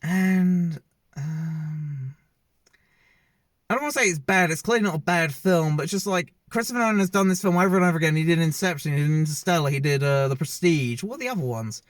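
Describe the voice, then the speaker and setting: Male film reviewer, slightly high voice, loose and hesitant delivery, dead-dry recording. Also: a little fast, no echo. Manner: rambling, hesitant, many fillers and restarts. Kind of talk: casual spoken movie review.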